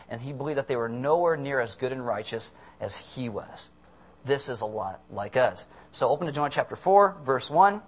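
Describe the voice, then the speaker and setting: A young man preaching a sermon, animated and sarcastic, acting out quoted voices. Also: medium pitch. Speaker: pastor.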